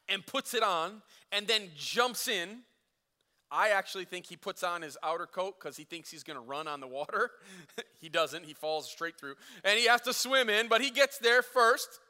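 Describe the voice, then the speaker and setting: A man preaching a sermon, telling a story casually and acting out the quotes, swinging from loud to hushed. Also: sits high, long reverb tail. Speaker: pastor.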